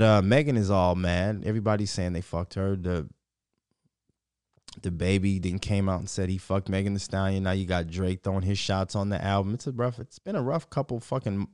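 A man's voice: low-pitched, a little mellow, dry recording, clean studio sound. A man hosting his own solo podcast, ranting in a profane, rambling, opinionated way. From Minnesota. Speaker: podcast host. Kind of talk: casual solo podcast rant.

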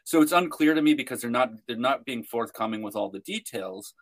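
A man's voice: mid-range voice, expressive, brisk. A man telling a long story on a podcast, rambling with many restarts and fillers. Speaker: guest, protester.

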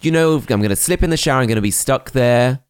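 A man's voice: mid-range voice, fast talker, slight background noise. A man co-hosting a podcast in casual chat, with a dry, teasing wit. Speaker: podcast co-host.

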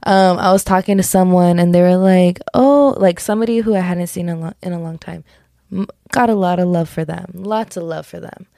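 A woman's voice: on the low side, fairly even intonation, brisk, gravelly, warm tone, no echo, studio quality. A young woman hosting a solo podcast in a casual, rambling way, often correcting herself and laughing things off as jokes. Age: young adult. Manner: rambling, giggly, self-correcting, lots of "like" and "just kidding". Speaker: podcast host.

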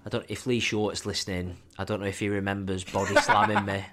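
A young man chats casually on a podcast, his voice sitting on the low side. He tells laughing, rowdy stories about football away days and says "were" where others say "was". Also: fairly even intonation, fairly quick, heavy background noise. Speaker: podcast co-host. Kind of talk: casual chat.

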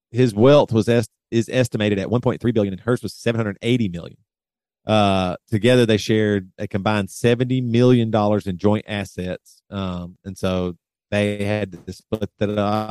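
A man's voice: on the low side, steady tone, darkish tone, dry recording, studio quality. A man co-hosting a casual podcast, reading out celebrity news with lots of fillers and restarts. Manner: reads figures aloud slowly, many fillers and restarts. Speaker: podcast co-host.

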